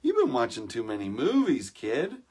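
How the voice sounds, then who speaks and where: A man's voice: mid-range voice, huge pitch swings, normal speed, a little mellow, breathy edge. A man voicing a trapped mother mountain lion, sweet-talking and pleading to be set free.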